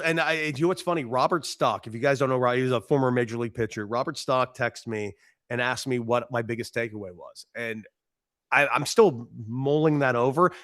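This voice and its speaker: An excitable man in his thirties co-hosts a casual podcast, speaking with emphatic enthusiasm and a freely dropped curse word. His mid-pitched voice sounds dry and close, with no room around it. He is from Los Angeles. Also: no room sound. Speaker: podcast co-host. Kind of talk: casual sports podcast chat.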